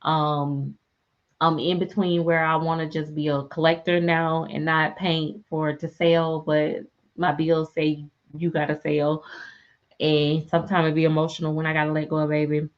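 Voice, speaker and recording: Chatty lo-fi woman storyteller, low-voiced. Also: level tone, normal speed. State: sleepy. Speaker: reborn doll artist and live streamer. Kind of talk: casual live-stream chat. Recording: dull lo-fi live-stream audio.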